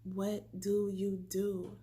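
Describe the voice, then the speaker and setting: A woman in her thirties speaking in an emotional confessional vlog, soft and halting, at times whispering and close to tears. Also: medium pitch, monotone. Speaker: family vlogger.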